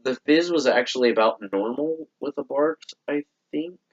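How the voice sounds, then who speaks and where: A young man co-hosting a soda review with his father, hoarse from a cold, agreeable and quick to chime in. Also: mid-range voice. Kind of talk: casual chat. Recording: dull lo-fi sound.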